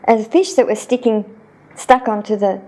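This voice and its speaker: Animated Australian woman telling stories. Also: medium pitch, normal speed. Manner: animated, raises her voice when quoting her childhood self. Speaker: interview guest. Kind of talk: storytelling in casual conversation.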